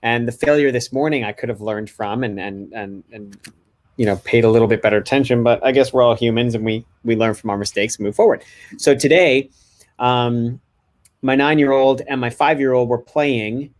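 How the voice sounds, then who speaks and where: A man's voice: medium pitch, steady tone, normal speed. A man co-hosting a podcast, telling a story about his family in a candid, self-reflective way. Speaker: podcast co-host and father. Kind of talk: casual podcast chat.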